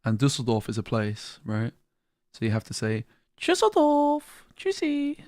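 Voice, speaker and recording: A man's voice: fairly low pitch, level tone, moderate pace, darkish tone, no room sound. Man, casual streamer chat, jokey, dry close-miked sound. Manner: chatty, joking, uses slang. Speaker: stream host.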